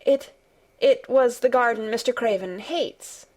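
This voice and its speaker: A woman's voice: medium pitch, moderate pace, natural voice. A woman narrator voicing a cautious, earnest ten-year-old girl who answers carefully and somewhat nervously in an audiobook. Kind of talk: audiobook character reading.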